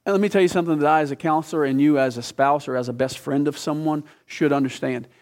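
A man preaching to his congregation, his voice sitting a little high and climbing further when he reads verses aloud. He talks in a counselor's way, checking in with the listeners with questions as he goes. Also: steady tone, fast talker, a little mellow. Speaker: pastor and counselor. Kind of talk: sermon.

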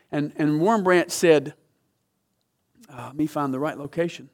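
Unhurried and pausing often, a man whose voice sits a little high for a man tells a story in sermon form. His dramatic, emphasis-heavy delivery moves between loud, forceful peaks and quiet, low-spoken stretches.

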